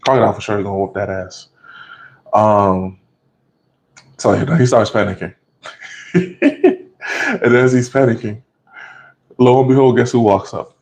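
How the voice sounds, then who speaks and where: A man giving a casual, profane, animated recap of an anime episode, often laughing and acting out the scenes. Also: on the low side, a little slow, pauses often, low-quality recording.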